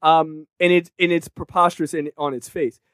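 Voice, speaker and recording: A man's voice: on the high side, little pitch movement, normal speed, a bit bright, clear, resonant tone, dry recording, studio quality. A man co-hosting a casual film podcast, talking animatedly and profanely, with mocking put-on voices. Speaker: podcast co-host.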